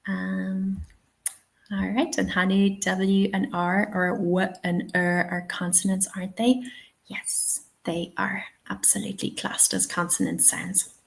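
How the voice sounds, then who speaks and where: A woman's voice: mid-range voice, monotone, measured pace, creaky. A woman hosting a live webinar, patiently answering questions and giving spoken examples. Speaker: English teaching trainer.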